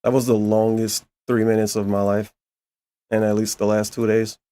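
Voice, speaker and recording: A man's voice: lowish voice, little pitch movement, moderate pace, dark tone, no echo. A male stream host reacting to clips with dry, sarcastic commentary.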